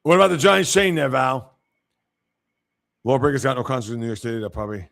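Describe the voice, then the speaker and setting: A man's voice: medium pitch, expressive, fast, gravelly, fairly bright tone. A male sports show host giving casual livestream commentary, reacting to viewer comments and getting blunt and emphatic when he criticizes.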